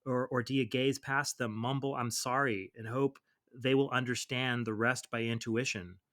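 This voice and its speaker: A man voicing a nervous male alien soldier from a comic, reading his thoughts in a low, quiet, earnest voice. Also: steady tone, moderate pace, lightly acted. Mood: solemn.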